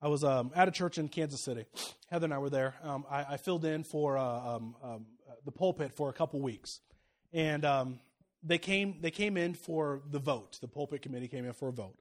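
The pastor, a man whose voice is slightly high and whose pace is slightly quick, delivers a sermon built around a story from his life. He shifts from loud, building appeals to quiet asides meant to feel confiding.

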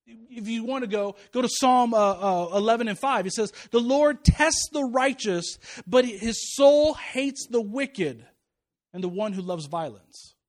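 A man, a pastor, preaching a sermon, reading scripture slowly and with emphasis and often restarting his words. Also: sits high.

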